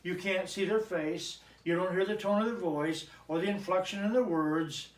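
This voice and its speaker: Chatty pastor man with a high voice. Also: normal speed. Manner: joking, chatty asides to the congregation. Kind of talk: conversational sermon. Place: church sanctuary. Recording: echoey church, mic at a distance.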